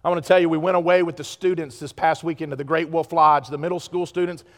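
Impassioned high-voiced preacher in a hall. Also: male voice, fairly even intonation, quick pace. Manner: impassioned preaching, swings from loud urgency to hushed pleading. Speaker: pastor. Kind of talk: sermon. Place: church sanctuary.

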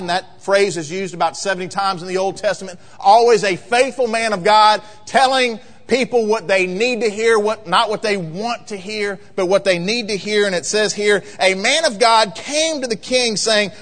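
A man preaching a sermon as pastor, emphatic and rising to loud peaks in a church sanctuary. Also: high-pitched. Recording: long reverb of a large hall.

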